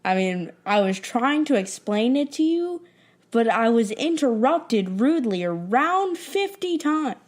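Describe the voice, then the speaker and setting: A teenage girl co-hosting a podcast, talking casually in a dry, quick, offhand way. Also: fairly high pitch, big pitch swings. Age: teens. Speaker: podcast co-host. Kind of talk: casual chat.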